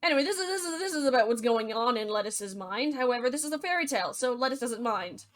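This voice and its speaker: A woman's voice: a little high, lively intonation, quick pace. A woman retelling a fairy tale as comedy, with sarcastic, jokey asides in a bubbly manner. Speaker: narrator.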